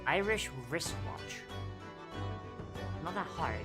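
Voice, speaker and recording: A woman's voice: on the low side, lively intonation, slow pace. A young woman streaming a video game, reading its dialogue aloud in playful voices and joking with crude swearing. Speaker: VTuber streamer. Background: game music.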